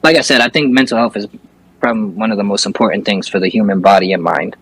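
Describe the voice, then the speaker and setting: A man's voice: on the low side, fast talker, fairly bright tone, a little hiss or hum, poor audio. A young man, a guest on an interview show, telling a personal story casually with lots of fillers and restarts. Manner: rambling, many fillers and restarts. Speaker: interview guest, recording artist and streamer.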